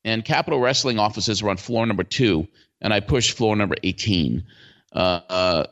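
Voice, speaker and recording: A man in his sixties, a guest in an interview, telling stories in a lively way with many fillers and restarts. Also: lowish voice, moderate pace. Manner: animated storyteller, full of fillers and restarts. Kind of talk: casual storytelling interview. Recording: dull lo-fi sound.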